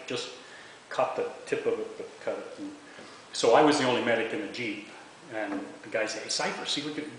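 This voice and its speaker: A man's voice: on the low side, fairly bright tone. A man in his sixties, a veteran, recounting memories in an oral history interview, often stumbling and repeating words. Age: 60s. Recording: echoey room with faint hiss.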